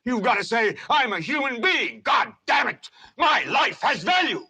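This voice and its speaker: An actor playing a furious middle-aged male news anchor who rants on air and whips his words into shouted rallying cries. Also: high-pitched, moderate pace, low-quality recording. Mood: rousing. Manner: impassioned, repeats lines into shouted rallying cries. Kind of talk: film drama monologue.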